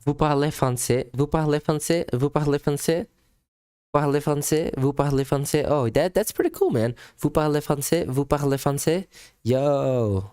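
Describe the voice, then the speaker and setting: A man's voice: a little high, moderate pace, dark tone, smooth. Male streamer, casual and self-deprecating, repeats lines, swears, laughs a lot. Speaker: streamer reacting to a French lesson. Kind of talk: casual live-stream reaction.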